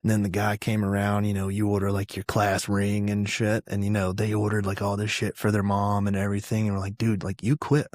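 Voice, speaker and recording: A man's voice: fairly low pitch, completely flat delivery, a little fast, few pauses, a little mellow, dry recording. Thirties guy from georgia, vet telling war stories, chill and swearing a lot, laughs easy, dry mic. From Georgia, USA. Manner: laid-back, profane, laughs often. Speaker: guest, army veteran. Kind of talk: casual interview storytelling.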